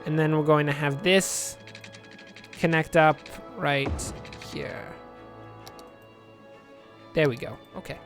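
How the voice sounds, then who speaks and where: A man's voice: on the high side, steady tone, slow pace, pauses often, fairly bright tone, faint music behind. A man giving casual, rambling commentary over a city-building game, joking dryly at his own expense. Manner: dry, rambling, self-mocking humor. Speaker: let's play commentator.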